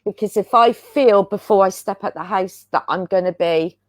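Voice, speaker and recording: A woman's voice: mid-range voice, normal speed, no echo. A woman, a guest healer, talking in an earnest, rambling, chatty way about spiritual practice over a video call. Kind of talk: casual spiritual chat.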